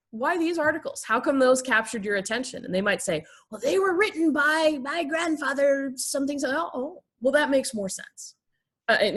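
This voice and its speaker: A woman minister and therapist, a guest in an interview, explaining things thoughtfully with frequent ums and restarts. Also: lowish voice. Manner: acts out example dialogue in a lifted, gentle voice.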